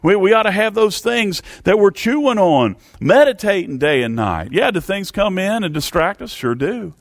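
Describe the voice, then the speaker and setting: A man's voice: high voice, sing-song, moderate pace, dry recording, studio quality. A man preaching a sermon, emphatic and repetitive, reading Bible verses aloud.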